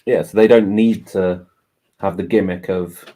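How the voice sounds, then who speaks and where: A man's voice: deep voice, steady tone, a little slow, mellow. A man co-hosting a livestream, chatting casually and explaining at length with lots of "you know" while building. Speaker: co-host. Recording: faint background noise, home livestream.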